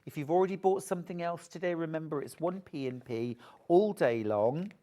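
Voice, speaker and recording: A woman's voice: deep voice, a little fast, mellow. A woman presenting live on a TV shopping channel, gushing over the products and urging viewers to buy. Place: TV studio.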